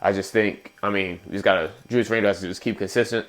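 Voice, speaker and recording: A man co-hosting a casual sports podcast, giving measured, analytical takes on players, with a Philadelphia accent. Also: lowish voice, steady tone. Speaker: podcast co-host.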